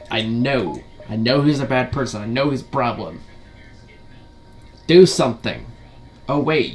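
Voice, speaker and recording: Profane, ranting gaming commentator man. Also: medium pitch. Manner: rhetorical questions and repeated fillers.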